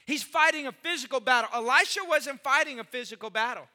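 Bright, high-voiced man preaching a sermon. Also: brisk, big-room sound. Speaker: pastor.

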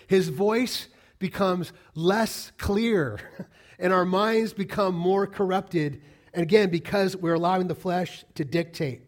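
A middle-aged pastor preaches with a fairly high voice, pressing his points hard. He repeats key lines for weight and throws questions out to the congregation as he goes. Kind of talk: sermon.

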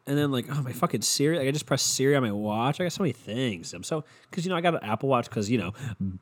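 A man's voice: mid-range voice, sing-song, quick pace, hardly any pauses. A young man with a stuffy nose from a cold hosts a solo podcast from his room, rambling, sarcastic and swearing constantly, close on a handheld mic. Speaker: podcast host. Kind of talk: casual solo podcast rant. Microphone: handheld mic held close to the mouth.

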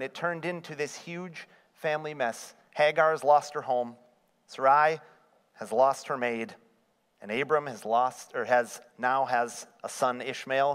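A man's voice: mid-range voice, fairly bright tone. A man preaching a sermon, asking his congregation rhetorical questions. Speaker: pastor. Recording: long reverb of a hall.

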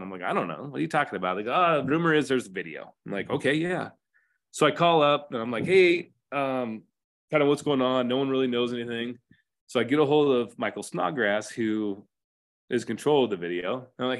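A man's voice: medium pitch, lively intonation, a little fast, a bit bright. A middle-aged man with an American accent, a fire captain telling a story as a podcast guest in a candid, casual way, cursing now and then and acting out quoted dialogue.

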